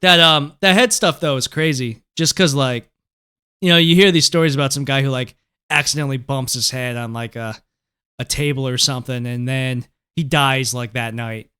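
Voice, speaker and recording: Smooth-voiced man talking casually. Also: mid-range voice, moderate pace, sharp tone. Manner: rambling, filler-heavy and profane, often laughing. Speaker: crypto news show host. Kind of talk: casual commentary and storytelling.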